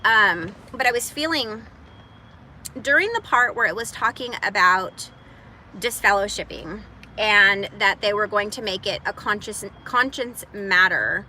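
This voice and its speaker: A woman speaks to her online community on a live stream, her voice bright and a little forceful. She talks haltingly and emotionally, close to tears and apologizing as she goes. A faint hum of noise sits behind her. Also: mid-range voice, rough recording. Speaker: vlogger, single mom.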